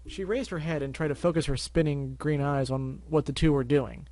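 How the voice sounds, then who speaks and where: A man's voice: on the high side, steady tone, normal speed, few pauses, a little mellow, no echo. A man reading fan fiction aloud as narrator, with wry asides and stumbling restarts. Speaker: story reader.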